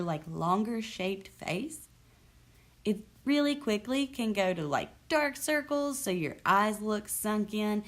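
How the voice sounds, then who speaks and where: A young adult woman hosting her own vlog, talking candidly and with sarcasm, with frequent restarts. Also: medium pitch. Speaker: vlog host. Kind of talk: casual talk to camera. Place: lives in the US South.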